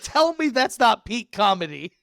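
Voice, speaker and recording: Man, podcast co-host, casual chat, excitable, swears a lot, dry close sound. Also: high-pitched, normal speed, vocal fry, no echo.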